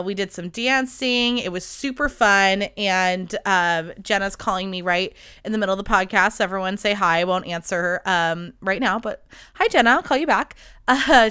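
Young woman, podcast host, casual chatty talk, bright tone, smooth clear voice. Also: medium pitch. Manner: chatty and animated, quick laughs. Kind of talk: casual solo podcast chat.

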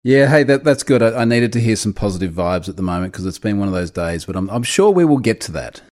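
A man with an Australian accent, a podcast guest talking in a relaxed, self-deprecating way with many fillers. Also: on the low side, fast.

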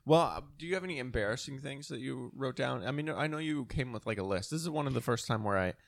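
A man co-hosting a casual chat at home, talking loudly and excitedly and laughing often. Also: mid-range voice, fast, gravelly, dry recording, clean studio sound. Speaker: podcast co-host. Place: home during quarantine.

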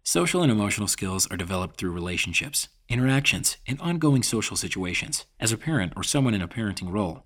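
A man reading scripted informational narration about parenting in a measured, even tone. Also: fairly low pitch.

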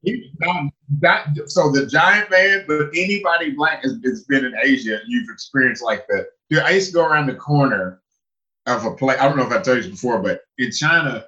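Brief: animated male guest, bright edgy tone, acts out the people in his stories. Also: a little fast, dull audio. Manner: animated, acts out people with big pitch jumps. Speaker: guest who lived in China. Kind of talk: casual storytelling chat.

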